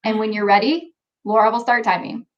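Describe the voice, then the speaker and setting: A cheerful woman hosts a virtual pitch event, joking lightly as she walks a finalist through the rules. Her voice is a bit high, and the audio is slightly dull. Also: a little fast. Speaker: event host.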